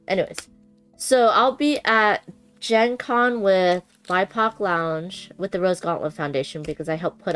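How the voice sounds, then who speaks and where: Bubbly woman streaming from home, chatty, lots of ums and laughs, faint music behind. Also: fairly low pitch. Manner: bubbly, chatty, laughs often, many fillers. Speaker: board game streamer. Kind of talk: casual live-stream chat while unboxing. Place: home room with noisy bathroom upstairs.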